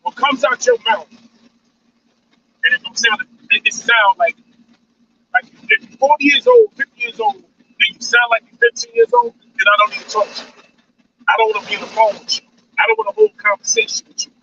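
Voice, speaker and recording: A man in his 40s hosts a live stream, delivering a casual monologue that lectures his audience, repeating lines and saying "man" often. His very high, pushed, bright voice has a breathy edge and huge pitch swings, and his pace is brisk but broken by long pauses. The mic sounds dull and distant, with faint noise.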